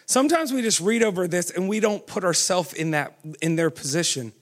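High-voiced preacher man. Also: lively intonation. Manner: asks the audience many questions, urging with "come on"; pace swings from quick to slow and drawn out. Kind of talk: sermon.

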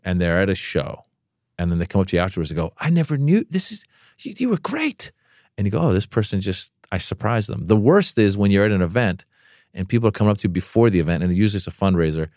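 Man, comedian guest, casual storytelling, animated, acts out voices, low pitch, dry close mic. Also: racing, no echo.

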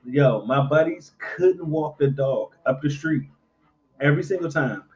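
A middle-aged man in casual chat, telling profane, animated stories and acting out quotes. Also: a little high, unhurried. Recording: dull lo-fi recording.

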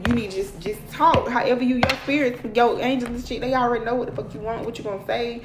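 A woman's voice: a little high, fairly even intonation, quick pace, hardly any pauses, echoey room, slight background noise. A woman speaking in as the host of a livestream, giving profane motivational talk and repeating "period" and "okay".

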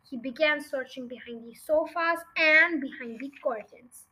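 A woman reading a children's book aloud in an expressive storytelling manner. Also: high voice, normal speed.

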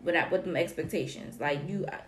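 A woman co-hosting a casual group chat, animated and laughing often as she acts out quotes. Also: on the low side, fast talker, echoey room.

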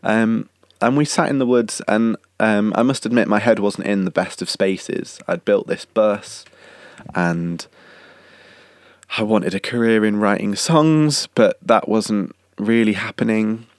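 A man's voice: lowish voice, unhurried, dry recording, studio quality. A young man with a slight cough, hosting a podcast in a rambling, chatty way. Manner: rambling, self-correcting, chatty. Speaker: podcast host and singer-songwriter. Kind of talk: casual chatty monologue.

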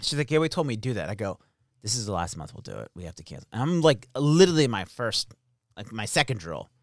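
A fairly low-pitched man talks fast in a dry, studio-quality recording. He's casually telling stories about serving as an army captain, animated and profane throughout, and he quotes the people in them.

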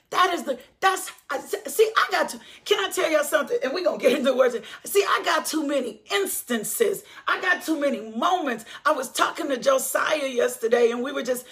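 A woman's voice: high-pitched, a little fast, a bit bright. A woman preaching a sermon testimony with passion, repeating her phrases and calling out to the listeners.

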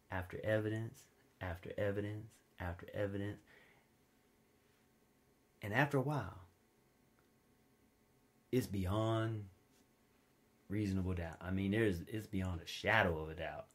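A man preaching a sermon in a relaxed, conversational way, telling personal stories with big swings between loud high peaks and low quiet passages. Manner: informal storytelling, wide swings in pitch and loudness, drops low and quiet for stories.

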